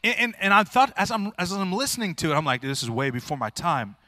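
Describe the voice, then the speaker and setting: Male pastor, informal earnest sermon delivery, tense bright tone. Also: sits high, very animated, fast, no room sound. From rural area. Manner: earnest, plain-spoken, informal with frequent restarts.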